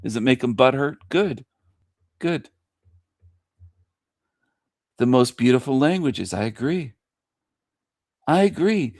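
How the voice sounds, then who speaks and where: A man's voice: medium pitch, expressive, slow pace, long pauses, darkish tone, dry recording, studio quality. A man hosting a radio show, delivering an opinionated monologue with emphatic repetition and frequent chuckles. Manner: emphatic, repeats himself, chuckles between lines.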